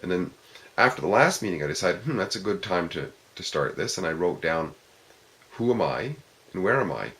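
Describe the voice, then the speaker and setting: A man's voice: deep voice, sing-song, normal speed, a bit bright. A man giving an informal philosophical talk to a discussion group, reflecting step by step and posing questions to his listeners.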